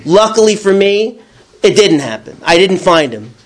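High-voiced man rambling through a story. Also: moderate pace. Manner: rambling, with frequent restarts and repeated words; animated, acting out his own shouting. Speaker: person sharing a recovery story. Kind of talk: personal storytelling.

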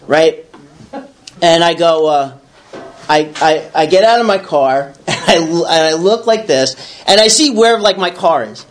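A man's voice: fairly high pitch, unhurried. A man from the Bronx telling a personal story to listeners, acting out the voices in his head. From the Bronx, New York. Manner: animated, acts out his own inner voice. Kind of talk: storytelling to a small audience.

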